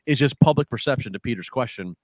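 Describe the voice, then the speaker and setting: A man's voice: mid-range voice, expressive, no echo. A man in a casual podcast chat, rambling with frequent restarts. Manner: rambling, halting, many restarts.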